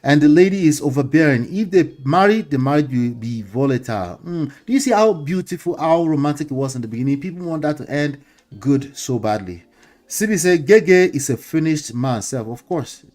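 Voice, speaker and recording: A man's voice: a little high, lively intonation, brisk, a little mellow. A man with a Nigerian accent hosting a casual commentary show, lecturing his viewers, repeating his points and dropping in pidgin words. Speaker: host.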